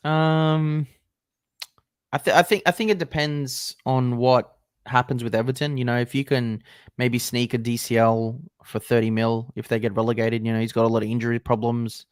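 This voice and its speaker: A man's voice: mid-range voice, little pitch movement, moderate pace, clean tone, dry recording. Blunt, opinionated man in dry sound. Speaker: co-host. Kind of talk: casual football chat.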